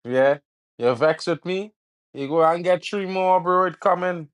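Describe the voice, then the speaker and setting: A man hosting a live football watch-along, teasing rival fans in local slang and yelling about the referee's calls. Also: sits high, a little slow, clean tone. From Trinidad and Tobago. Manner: yells at the referee over fouls.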